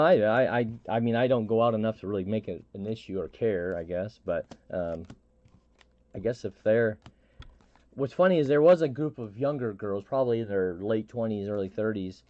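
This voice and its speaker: A middle-aged man hosting a live stream, telling a story in a halting, rambling way with many restarts and fillers. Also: fairly low pitch, warm tone, dull audio. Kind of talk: casual storytelling chat.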